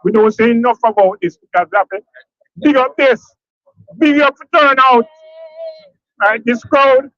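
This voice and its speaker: A man's voice: very high-pitched, pushed and bright, no echo, muffled recording. A man with a Jamaican accent giving a speech at an outdoor protest, repeating phrases and quizzing the crowd. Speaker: protest speaker. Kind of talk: rally speech.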